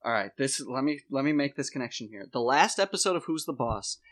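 A man hosting a comedy podcast, laying out a mock conspiracy theory in a deadpan voice with dramatic emphasis. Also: medium pitch, fast talker.

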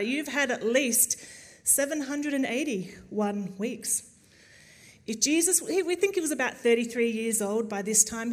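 A woman preaching a sermon, telling stories with humour and building to emphatic, rousing passages. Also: on the high side. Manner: humorous, animated storytelling with emphatic build-ups.

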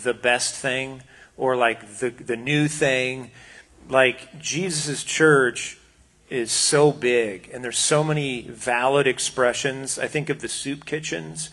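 A man's voice: mid-range voice, fairly bright tone. A man who leads a house of prayer, speaking earnestly to a congregation with frequent restarts. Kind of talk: casual remarks to a congregation.

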